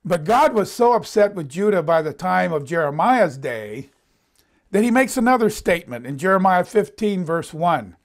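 Man in a conversational sermon, fairly high voice, reads verses and voices the quotes with emphasis. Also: big pitch swings, moderate pace. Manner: reads scripture aloud and comments, voicing quotes with emphasis. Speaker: Bible teacher. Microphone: presenting in front of a board.

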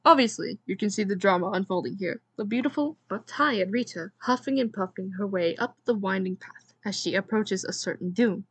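A woman's voice: medium pitch, moderate pace, hardly any pauses, a bit bright, husky, no room sound. A woman gaming host reading a storybook aloud, with playful, dramatic storytelling and joking asides to the listener.

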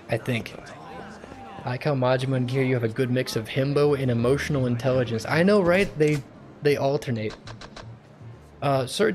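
A man's voice: medium pitch, a little mellow, slight background noise. A man streaming a video game live, chatting casually, reacting to the game and answering chat.

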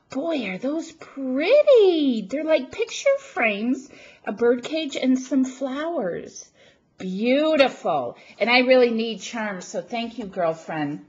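A woman crafting vlogger, not feeling well, gushing and gasping with excitement as she opens a gift package at home and chats to the camera. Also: on the high side, slow, breathy edge, highs cut off. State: feeling unwell. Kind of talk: excited unboxing chat to camera.

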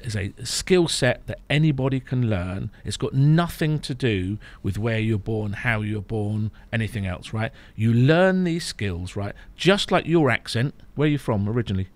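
A man coaching and explaining on a podcast, emphatic, often checking in with a quick "right?". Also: medium pitch, animated, no echo. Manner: emphatic, explaining, frequent "right?" tag questions. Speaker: therapy programme coach. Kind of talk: podcast guest conversation.

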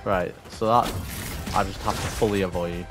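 A man giving excitable gaming commentary, growing panicky and crying out during fights. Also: sits low, moderate pace. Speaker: gamer. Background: game music.

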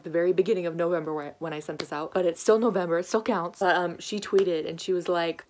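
Giggly young woman vlogger, low voice. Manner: giggly, rambling, self-deprecating. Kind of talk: casual reaction commentary.

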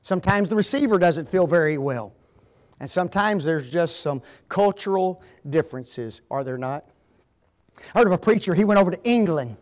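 A man's voice: high voice, moderate pace. An older man giving a folksy seminar talk in a church, telling stories and asking the audience rhetorical questions. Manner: animated storytelling with rhetorical questions. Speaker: guest speaker at a marriage seminar. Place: church hall.

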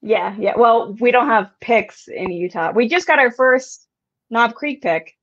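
A woman's voice: on the high side, expressive, a little slow, fairly bright tone. Giggly rambling woman on a muffled stream. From United States. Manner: rambling, giggly, swears casually. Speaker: whiskey channel host. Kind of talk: casual livestream chat.

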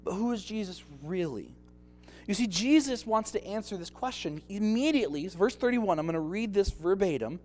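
A man's voice: high voice, lively intonation, moderate pace, a little mellow. A male pastor preaching a sermon expressively, acting out scenes from the text.

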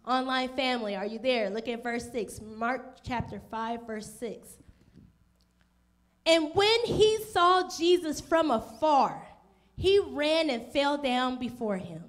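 A woman's voice: high voice, animated, slow. A woman pastor preaching a sermon in a church, emphatic and folksy, often asking the congregation questions. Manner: conversational, slips into casual folksy speech. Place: church, also streamed online.

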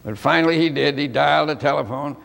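Man, preacher, folksy sermon story, high pitch, gravelly, long hall reverb, archival. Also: fairly bright tone. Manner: folksy, dramatic pauses.

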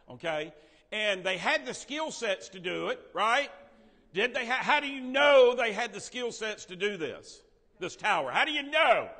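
Animated high-voiced man teaching Sunday school. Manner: animated, quizzes and jokes with the class. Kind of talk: Bible lesson to a class. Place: church classroom. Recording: reverberant room.

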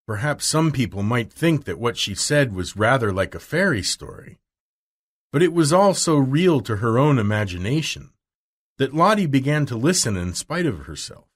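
A man reading a children's novel aloud slowly and expressively for language learners. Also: medium pitch. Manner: slow, clear, expressive. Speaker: narrator.

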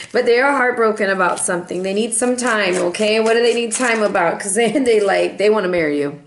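A woman's voice: mid-range voice, fairly quick, few pauses, echoey room, a little hiss or hum. A woman giving a casual tarot reading, chatty and playful as she talks through the cards. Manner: chatty and playful, sings and meows in bursts. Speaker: tarot reader.

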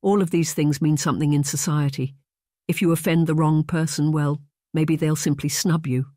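A gentle young governess in an audiobook, as the narrator puts her on, measured and soft-spoken. She picks every word carefully, and the recording is close and dry. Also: sits low, fairly even intonation, no echo, natural voice. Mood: instructive. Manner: measured, soft-spoken, choosing words with care. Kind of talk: audiobook reading.

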